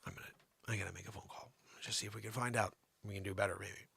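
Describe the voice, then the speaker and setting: A man hosting an improvised comedy news show, talking in a mocking, animated way to an imaginary co-host. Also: fairly low pitch, rapid-fire, gravelly, slight background noise.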